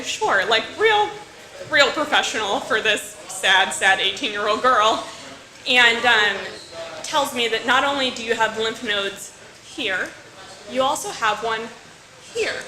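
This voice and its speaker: A young woman tells a personal story at a live story slam, chatty and self-mocking. Her voice is bright and fairly high. The sound carries the echo of the venue. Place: stage at a live event.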